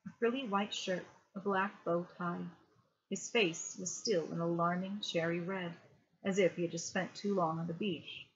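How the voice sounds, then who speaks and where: Woman narrator, bedtime audiobook, low-ish bright voice, dull lo-fi sound. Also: gravelly. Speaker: reader. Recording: dull lo-fi home recording.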